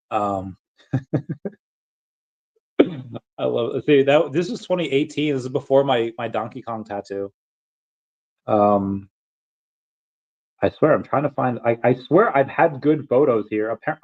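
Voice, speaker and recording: A man speaks at medium pitch with a somewhat dark tone, muffled by the recording, while chatting casually on a livestream. He answers chat questions in a meandering, self-interrupting way, chuckling often.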